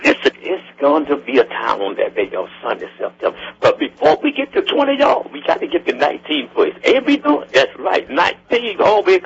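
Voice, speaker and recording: Husky older man inviting folks, lively. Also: on the high side, fairly quick, few pauses. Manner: folksy and animated, calls out "y'all" constantly. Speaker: gospel singer promoting a concert. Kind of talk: spoken promotional invitation. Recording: dull lo-fi recording.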